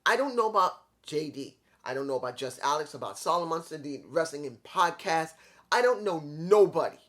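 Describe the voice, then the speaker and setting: A man's voice: fairly high pitch, expressive, brisk, bright, forceful tone. A man reviewing a wrestling show on his own, emphatic and opinionated, repeating his points in short punchy lines. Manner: opinionated, repetitive, emphatic rants. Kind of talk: solo video review.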